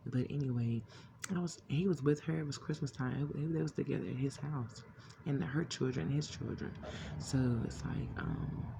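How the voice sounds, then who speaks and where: A woman's voice: a bass voice, creaky, noisy background. A woman telling an emotional personal testimony in a rambling way, restarting often and acting out what others said. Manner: rambling, restarts often, acts out quoted voices. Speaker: vlogger sharing a testimony.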